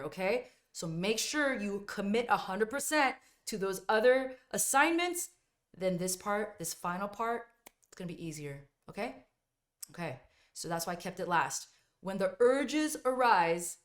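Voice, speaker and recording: A woman coaching viewers through binge-eating recovery in an emphatic, blunt motivational talk, repeating points and sometimes swearing. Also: fairly low pitch.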